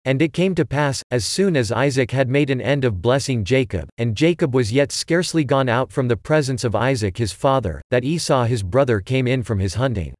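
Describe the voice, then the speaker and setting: A man reading scripture aloud in a measured, even delivery. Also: medium pitch, no room sound, clean studio sound. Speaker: scripture reader.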